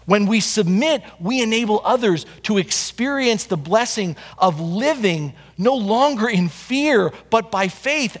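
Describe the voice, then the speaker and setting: Preacher with lively pitch in a reverberant hall. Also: male voice. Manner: earnest preaching with falling cadences at phrase ends. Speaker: pastor. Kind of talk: sermon.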